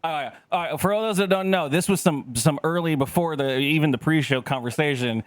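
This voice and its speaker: A man's voice: on the high side, a little fast, no room sound. A man co-hosting a casual podcast chat, telling stories with lots of swearing and laughter. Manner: profane, storytelling, laughing often. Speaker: podcast co-host.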